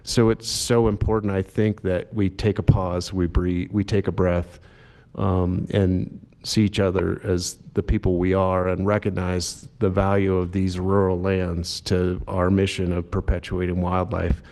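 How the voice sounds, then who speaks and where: A man speaking at a public commission meeting, talking in a halting way with many fillers and restarts. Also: low-pitched. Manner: self-described monotone delivery. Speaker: agency director at a commission meeting. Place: meeting room.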